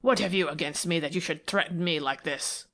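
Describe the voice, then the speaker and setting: A woman voicing a big, frightened man with a hoarse voice who stammers nervously. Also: lowish voice, a little fast, fairly bright tone, close to an everyday voice.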